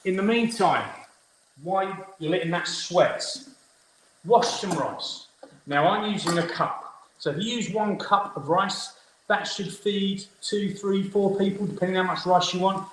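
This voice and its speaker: Upbeat fifty-year-old chef in an echoey kitchen. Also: male voice, high-pitched, a little slow, a bit bright. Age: 50s. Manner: chatty, upbeat, instructive. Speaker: head chef hosting a cookalong. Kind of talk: live cooking demonstration. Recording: echoey room with faint noise.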